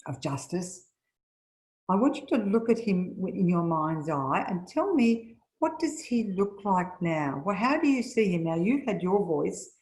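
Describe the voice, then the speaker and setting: A middle-aged woman leading a spiritual seminar, telling stories and acting out the people she quotes with rising pitch. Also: darkish tone. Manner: storytelling, acts out quoted voices with rising pitch. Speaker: seminar leader. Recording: echoey room.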